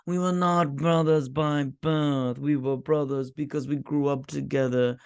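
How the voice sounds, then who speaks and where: A man voicing a stern alien man who talks in a slow, stiff, over-formal way. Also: fairly high pitch, steady tone, vocal fry, a little mellow, smooth.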